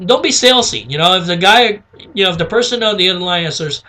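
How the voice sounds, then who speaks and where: A high-pitched man runs a casual sales lesson. His voice is bright and forward, and he keeps checking in with "okay?" while acting out little phone calls. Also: expressive, fast talker. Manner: chatty, repeats "okay?", acts out sample phone calls. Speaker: sales trainer. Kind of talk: casual instructional talk.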